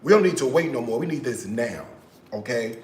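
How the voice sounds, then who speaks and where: A man hosting a cooking livestream from his home kitchen, chatting straight to his viewers in a casual, animated way, often dropping to a hushed, half-sung tone. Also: mid-range voice, brisk, echoey room. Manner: slips into hushed, half-sung tones now and then.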